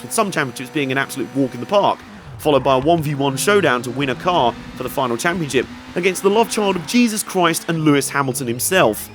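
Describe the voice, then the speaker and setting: A man's voice: medium pitch, a bit bright, a little hiss or hum. A man narrating a scripted video game retrospective, with wry, sarcastic asides.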